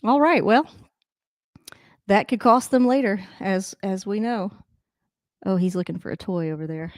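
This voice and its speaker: A woman giving casual live reaction to a football game, with wry asides and a high coaxing voice for her dogs. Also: moderate pace, pauses often, dry recording, clean studio sound. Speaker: host of a football reaction channel. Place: at home.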